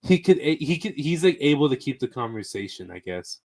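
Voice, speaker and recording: A man's voice: medium pitch, big pitch swings, a little fast, darkish tone. A young man hosting a casual podcast, bantering loosely with crude jokes and a lot of swearing. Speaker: podcast host. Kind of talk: casual chat.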